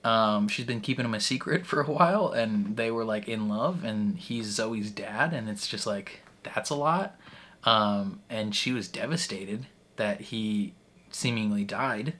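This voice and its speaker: A man in his late twenties hosts a reaction channel, talking through a TV episode in a lowish, fairly bright voice at a measured pace. Emotional and tearing up, he rambles heartfeltly with lots of fillers and restarts.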